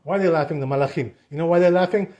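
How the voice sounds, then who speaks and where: A man's voice: fairly high pitch, rapid-fire, warm tone. A man giving a casual Torah class in a conversational way, often saying "you know" and acting out what people say. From Sephardic Jewish community. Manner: conversational, repeats "you know" and acts out quotes. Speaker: Torah teacher.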